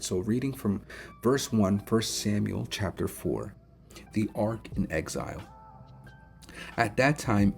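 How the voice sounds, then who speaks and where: A young man with a fairly low voice leads a casual Bible devotional. He talks in a loose, conversational way, full of fillers and restarts. Soft music plays faintly behind him. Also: gravelly. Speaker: devotional host.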